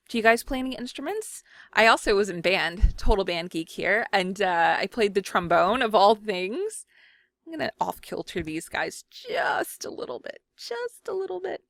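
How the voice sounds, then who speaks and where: A woman's voice: medium pitch, a bit bright, dry recording, clean studio sound. A young woman from Mississippi, chatting casually and rambling to viewers while she scrapbooks. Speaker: scrapbooking vlogger. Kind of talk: casual chat while crafting.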